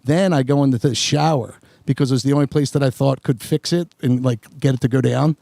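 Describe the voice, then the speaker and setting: A man's voice: mid-range voice, fairly even intonation, fairly quick, vocal fry, mellow, dry recording. Rambling man telling stories. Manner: rambling, self-mocking anecdote with filler words. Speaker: podcast host. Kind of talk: casual storytelling chat.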